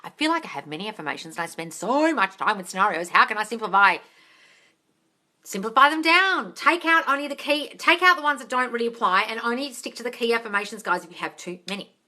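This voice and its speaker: A young woman chatting casually on a livestream, answering viewer questions, excitable and swearing freely. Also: a little high, fast talker. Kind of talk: casual live chat.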